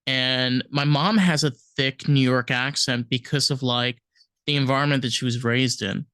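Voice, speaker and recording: A podcast host chatting casually and rambling loosely, high and trailing off into restarts. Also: steady tone, moderate pace, a bit bright, smooth, dry recording, studio quality. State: high on weed. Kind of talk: casual chat.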